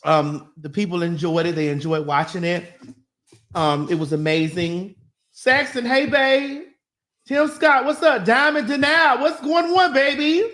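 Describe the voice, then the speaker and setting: On her live-stream morning show, a woman playfully sings out viewers' names, sprinkling in "honey" and "baby" while laughing, cursing, and speaking frankly. Her voice is a little high and fairly bright, and she talks a little slowly.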